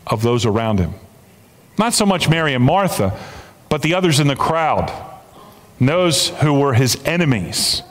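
Animated preacher in a reverberant church. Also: male voice, fairly high pitch. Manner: animated preaching with repeated restarts. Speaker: pastor. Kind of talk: sermon. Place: church sanctuary.

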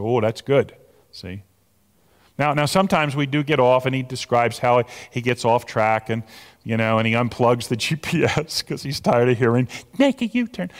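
A man preaching a sermon as pastor, animated, repeating words as he builds to a point. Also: mid-range voice. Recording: long hall reverb.

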